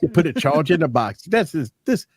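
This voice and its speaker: A man co-hosting a live tech show with a fairly high, very lively voice that jumps around as he rants. He talks bluntly and swears freely, in casual banter. The sound is close and dry. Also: fairly quick, slightly rough, no echo.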